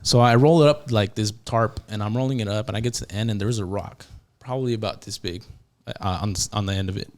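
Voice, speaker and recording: A man with a lowish voice tells a story on a podcast in a loose, casual way. He fills gaps with "uh" and "like", restarts his sentences and slips into the voices of the people in his story. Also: fast. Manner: animated, acts out quotes, many fillers and restarts. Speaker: podcast guest, former prison yard officer.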